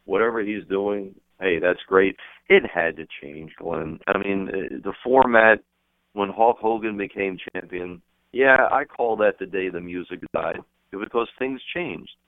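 Low-voiced man on a tinny phone line. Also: a little slow, no room sound. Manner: animated anecdotes, jumps into high voices when quoting people. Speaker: guest, wrestling manager and author. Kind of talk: casual storytelling on a call-in interview. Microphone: telephone.

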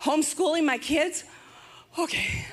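A woman's voice: high-pitched, fairly even intonation, measured pace, a little hiss or hum. An older woman preaching a sermon, emphatic and fervent, repeating her rallying phrases. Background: music.

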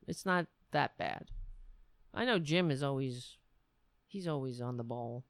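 Woman livestreamer, middle-aged, rambling and self-mocking, gravelly voice, dry close sound. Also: lowish voice, expressive, a little slow, no echo. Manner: rambling, self-mocking, talks to her cat. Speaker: livestream host. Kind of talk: casual livestream chat.

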